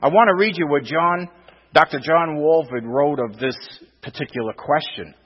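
A man's voice: on the high side, moderate pace, husky. An older man preaching a sermon in an emphatic way, repeating words and asking rhetorical questions. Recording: dull, lo-fi sound with long reverb.

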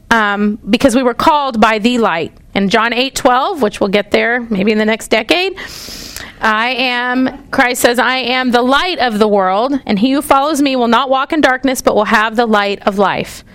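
A fairly high, slightly bright female voice, recorded dry, teaches a Bible study class in a whiteboard classroom. She keeps asking "okay?" or "all right?" and stops now and then to fix a slip or locate her spot in her notes.

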